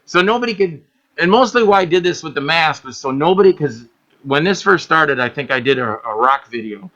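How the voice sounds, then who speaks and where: A man chatting casually in an interview, telling animated stories about making films, acting out quotes and swearing freely. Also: fairly high pitch, a little fast, highs cut off. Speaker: guest filmmaker.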